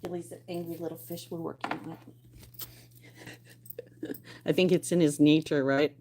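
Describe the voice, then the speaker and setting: A middle-aged woman hosting a casual livestream from outdoors on a wooded ridge, chatting with viewers and her pets, sometimes dropping into soft whispers. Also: low voice, fairly even intonation, moderate pace. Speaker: livestream host. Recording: noisy outdoor recording.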